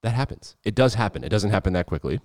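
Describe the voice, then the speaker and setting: A man's voice: on the low side, lively intonation, quick pace, a little mellow, dry recording, clean studio sound. A man from the Rocky Mountain region hosting a sports podcast in chatty, sarcastic, emphatic casual talk. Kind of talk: casual solo podcast chat.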